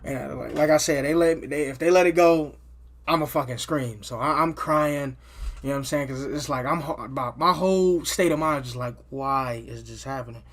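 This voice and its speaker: Speaking at normal speed in a mid-range voice, a man rambles casually through a personal story. He curses freely, starts his sentences over and repeatedly adds "you know what I'm saying."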